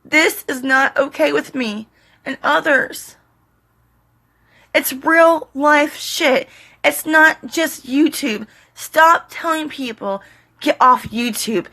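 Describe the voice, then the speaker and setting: A middle-aged woman vlogging straight to camera, tearful, pleading and defiant, speaking in short halting fragments. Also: high voice, vocal fry, bright, forceful tone. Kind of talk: emotional direct-to-camera monologue.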